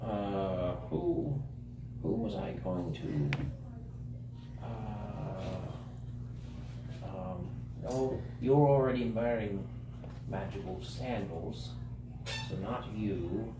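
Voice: sits high, wildly swooping pitch, normal speed, voice pushed up. A game master voicing an eccentric old male wizard who is gleeful and scatterbrained and who teases and trails off absently. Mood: muddled. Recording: echoey room, mic far off, noisy.

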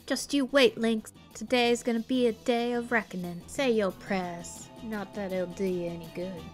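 A woman's voice: mid-range voice, steady tone, normal speed, soft background music, voice pushed up, natural voice. A woman voicing a cocky young man taunting his rival. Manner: taunting, boastful.

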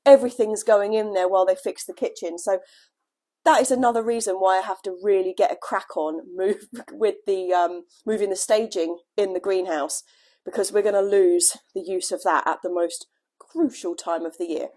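A woman chatting casually at home on her gardening vlog, her voice lowered by a cold, laughing at herself now and then. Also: steady tone, normal speed, dark tone. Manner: chatty, self-deprecating, laughs often. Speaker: gardening vlogger. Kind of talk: casual chat. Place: at home indoors, at a desk.

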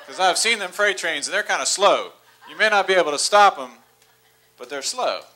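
A man in his forties preaching in a church, telling a long comic story with laughter and rising excitement. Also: high voice, moderate pace. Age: 40s. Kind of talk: storytelling sermon. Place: church sanctuary.

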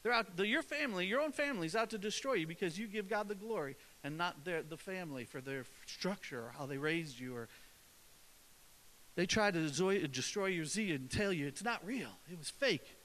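Earnest high-voiced male preacher in a reverberant hall. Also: animated, a little fast, a bit bright. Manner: earnest, repeats and restarts phrases. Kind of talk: sermon.

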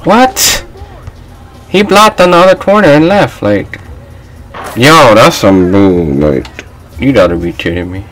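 A young man giving loose, trash-talking commentary while he plays a basketball video game, often shouting at his teammates and the game. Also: fairly low pitch, lively intonation, normal speed, rough recording. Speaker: gaming channel host. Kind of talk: live gameplay commentary.

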